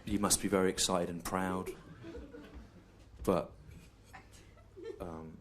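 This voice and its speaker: An English man in his forties doing stand-up storytelling in a slow, deadpan, repetitive way with long pauses, recorded live on a comedy club stage. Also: low voice. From England. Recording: live show with loud audience laughter.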